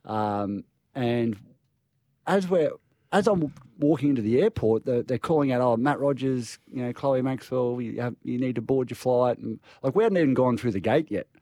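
A man's voice: mid-range voice, normal speed, warm tone, dry recording. A man with an Australian accent telling a rambling, laughing story in casual chat. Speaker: guest storyteller.

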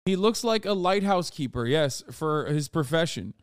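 A man reacting to a documentary in casual, profane, excitable commentary that rambles and restarts. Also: on the high side, moderate pace, clean tone, no echo.

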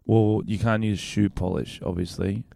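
A man's voice: on the low side, normal speed, gravelly, dry recording. A man co-hosting a podcast, telling stories in a casual, comedic way and laughing often. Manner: laughing, animated storytelling. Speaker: podcast co-host. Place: studio.

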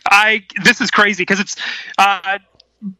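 A man's voice: sits high, little pitch movement, a little slow, sharp tone, no room sound, rough recording. A man co-hosting a podcast in casual chat, laughing often and chiming in with jokes. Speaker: podcast co-host.

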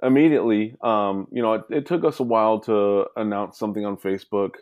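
A man telling his family story as a guest in a casual interview, rambling with many fillers and animated retelling. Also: on the low side, a little fast, no echo, studio quality. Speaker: guest, son.

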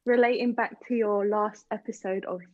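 A woman's voice: medium pitch, steady tone, normal speed, no room sound, lo-fi sound. A woman chatting on a podcast among friends, giggly and playful, often breaking off mid-sentence. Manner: giggly, self-interrupting, playful. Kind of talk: casual chat among friends.

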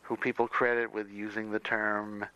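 Low-voiced man rambling on comics history. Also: level tone, moderate pace, sharp tone, clean tone, dull audio. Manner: rambling, many restarts and fillers. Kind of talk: casual conversation.

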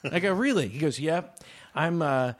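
A man casually telling a story in a chat, animated, acting out both sides of an argument. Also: fairly high pitch, brisk.

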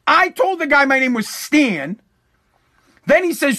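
A man in full rant mode, swearing freely and circling back over his points. His voice sits high and sounds bright and edgy, lifting higher whenever he pushes a point. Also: normal speed. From Massachusetts. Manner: profane, animated, repeats himself. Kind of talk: casual rant monologue.

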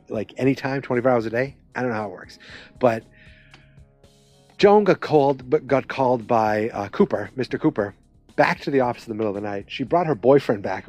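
A man casually recapping a TV episode, rambling and animated, with lots of fillers and restarts. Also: medium pitch, fairly quick, faint music behind.

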